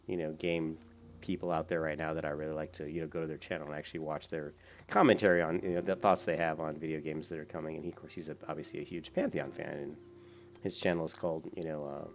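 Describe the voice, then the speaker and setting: Low gravelly man rambling over gameplay. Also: fairly even intonation, fast talker, slight background noise. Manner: rambling, with many fillers. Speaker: gaming YouTuber. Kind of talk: casual gameplay commentary.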